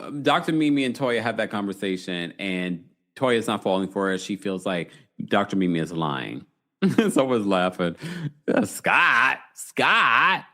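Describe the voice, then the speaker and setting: A man hosting a casual live recap show who reads out viewer comments, laughs often and reacts with animated surprise. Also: mid-range voice. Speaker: podcast host reading live chat. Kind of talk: casual reality-TV recap chat.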